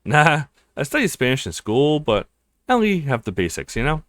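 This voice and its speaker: A relaxed, sociable young law student from a visual novel who makes small talk easily, voiced by a man. His voice moves up and down widely and is recorded dry and close. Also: on the high side, moderate pace, no room sound. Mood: friendly. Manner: friendly and chatty.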